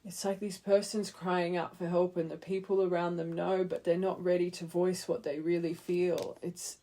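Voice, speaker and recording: A woman's voice: fairly low pitch, level tone, normal speed, warm tone. A woman giving an earnest, heartfelt tarot reading, speaking straight to the viewer and rambling with fillers. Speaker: tarot reader. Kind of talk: intuitive tarot reading to camera.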